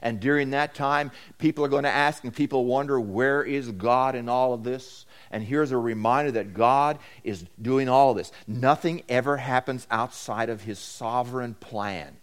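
A man's voice: moderate pace, few pauses. Emphatic male preacher. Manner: emphatic preaching, swinging between loud declarations and low asides; repeats key phrases for emphasis. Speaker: pastor. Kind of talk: sermon.

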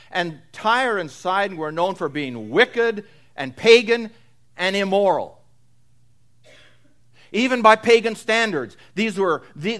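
A man preaching an expository sermon, swinging between loud emphatic stress and low, quiet passages, often repeating phrases for weight.

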